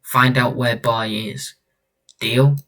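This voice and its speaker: A man's voice: mid-range voice, flat delivery, slow, fairly bright tone, recorded from a distance. A man reading out a terse masked male vigilante who talks in clipped, broken sentences with dropped words. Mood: curt.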